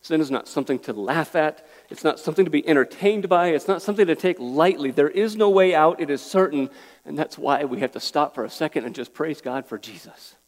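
A man's voice: on the high side, fairly quick. A pastor preaching an earnest, pleading sermon, a man who often restarts his words. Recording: echoey hall with long reverb.

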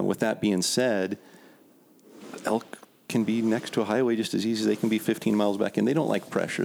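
A man's voice: on the low side, gravelly, darkish tone. A man guest on a podcast, telling stories in a laid-back way and laughing often. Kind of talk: casual storytelling.

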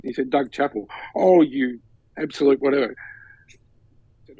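A man's voice: mid-range voice, normal speed, long pauses, dry recording, muffled recording. An Australian man co-hosting a podcast, telling a story in casual chat and acting out the voices of the people in it with laughter. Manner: animated, acts out quoted voices with laughter. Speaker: podcast co-host.

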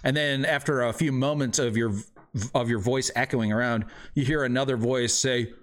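A man's voice: mid-range voice, fairly even intonation, normal speed. A man narrating a tabletop game as game master, loose and rambling, with lots of fillers.

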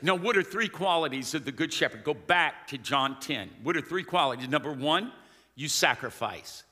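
A man preaching a sermon as pastor, calling to the congregation and rising to shouts. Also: on the high side, lively intonation, normal speed. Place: large church hall. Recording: long hall reverb.

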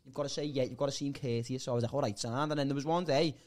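A man's voice: medium pitch, fairly even intonation, racing, darkish tone. A man, a podcast guest telling a comic story casually, rambling and repeating "listen" and "like".

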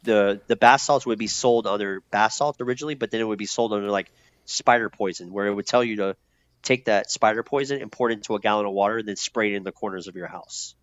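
A man's voice: fairly low pitch, fast talker, no echo. A man speaking candidly about his past in a loose, profane way, with many fillers and restarts. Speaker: guest telling his recovery story. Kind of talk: candid conversational storytelling. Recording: dull lo-fi sound.

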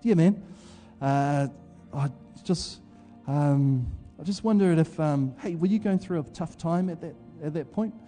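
Very dark-voiced New preacher man. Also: fairly high pitch, unhurried, hardly any pauses, long reverb tail, faint music behind. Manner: conversational storytelling, many fillers. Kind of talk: sermon with personal testimony.

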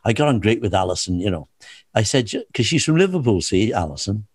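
A man's voice: fairly low pitch, sing-song, fast talker, husky, no room sound, clean studio sound. An older man, a comedy actor chatting as an interview guest, telling anecdotes with laughs and restarts. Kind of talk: anecdotal chat.

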